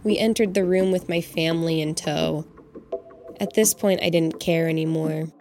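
A woman's voice: low voice, fairly even intonation, moderate pace, noisy background. A woman in her twenties from Montana, narrating a personal story for her podcast in a reflective, candid, wry way. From Montana, USA. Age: 20s. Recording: clear music playing behind the voice.

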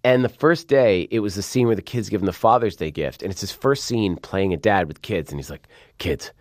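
A man, a film director, giving an interview and telling lively anecdotes, acting out quotes with sudden loud outbursts. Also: on the low side, brisk, no echo, studio quality. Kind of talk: interview, animated storytelling.

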